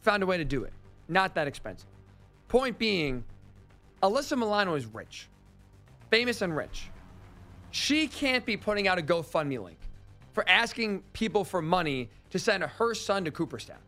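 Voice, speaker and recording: A man's voice: high voice, big pitch swings, moderate pace, pauses often, bright, forceful tone, soft background music. A man hosting a sports talk radio show, telling stories with incredulous, ranting energy.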